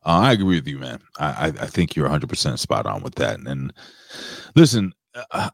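Male co-host, very low voice, blunt and cussing, dry close sound. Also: big pitch swings, fairly quick, gravelly, no echo. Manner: blunt, profane, rambling. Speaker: wrestling podcast co-host. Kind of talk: casual chat.

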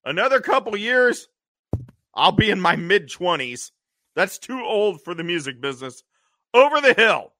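A man voicing a panicky young male hippie singer, with shrill, wailing cries, retelling a scene on a podcast. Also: very animated, moderate pace, sharp tone, no room sound, studio quality, heavily acted. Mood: boastful.

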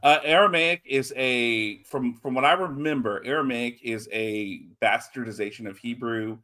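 A man's voice: mid-range voice, normal speed, bright, forceful tone. A man co-hosting a show in casual chat, easygoing as he greets viewers in the chat. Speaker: podcast co-host.

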